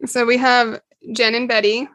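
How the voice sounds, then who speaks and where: A woman, a mother, calmly explaining parenting steps in a podcast interview. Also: a little high, moderate pace, slight background noise. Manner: calm, explanatory, acts out quotes with laughs. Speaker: parenting guest.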